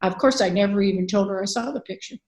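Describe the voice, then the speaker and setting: A woman's voice: mid-range voice, fast talker, a little mellow, poor audio. Older woman guest, advocate and author; earnest, candid storyteller, fillers throughout. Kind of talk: conversational interview storytelling.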